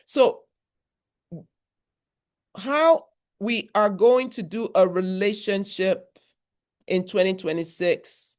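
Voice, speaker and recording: A woman's voice: medium pitch, slow, long pauses, darkish tone. A woman from Nigeria, a therapist giving a motivational workshop talk in a conversational, repetitive style with emphatic asides.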